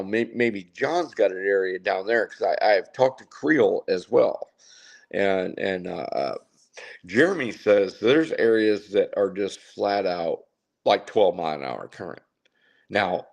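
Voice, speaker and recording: A man, a fishing guide on a guest spot, talking excitedly in a casual chat and often repeating words. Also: fairly low pitch, vocal fry.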